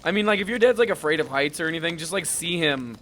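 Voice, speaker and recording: A man's voice: on the high side, lively intonation, a bit bright, a little hiss or hum. A young man co-hosting a podcast in casual chat, rambling and acting out his dad's lines. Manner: rambling, acts out his dad in quick put-on lines. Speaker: podcast co-host.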